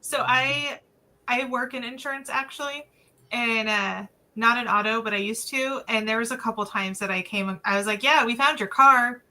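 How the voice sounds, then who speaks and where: A woman with a high, bright voice chats on a podcast and keeps breaking into giggles. Her tone is easy and conversational. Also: normal speed, poor audio. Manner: giggly, chatty. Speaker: podcast co-host. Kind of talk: casual chat.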